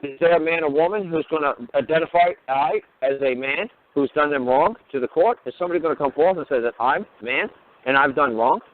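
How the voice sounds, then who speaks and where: A man's voice: fairly high pitch, a little fast. A man talking bluntly and profanely, firing off rhetorical questions on a call-in talk show. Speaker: talk show guest lecturer. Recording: tinny phone line.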